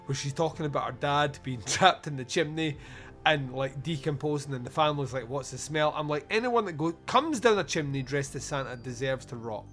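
A man's voice: on the high side, animated, brisk, fairly bright tone, faint music behind. A man hosting a podcast, chatting casually about a film. He swears freely, laughs often and rambles. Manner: profane, chuckling, rambling storyteller. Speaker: podcast host. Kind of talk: casual film review chat.

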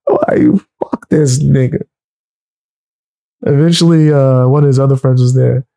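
A man hosting his show, telling a story in a loose, animated, profane way and laughing as he goes. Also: medium pitch, a little slow, creaky, no echo, poor audio. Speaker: show host. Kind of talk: casual storytelling.

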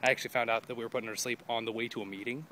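A man's voice: medium pitch, fairly even intonation, very fast, sharp tone, a little hiss or hum. A young man talking to a phone camera held at arm's length while walking outdoors through a neighborhood, rambling and joking casually. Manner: rambling, jokey, with mock quoted voices. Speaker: vlogger. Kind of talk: casual vlog chat.

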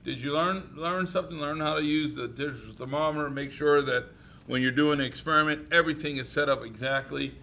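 Male teacher, playful classroom host, crisp bright tone, a little higher than most men. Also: fairly even intonation, fairly quick, a little hiss or hum. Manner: jokey, repeats students' answers loudly. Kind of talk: classroom interviews with students.

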